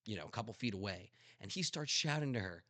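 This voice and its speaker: Passionate young man hosting, low dry voice. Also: animated, fast, bright, forceful tone, dry recording. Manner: emphatic, passionate storyteller who swears freely. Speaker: podcast host. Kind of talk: casual chat.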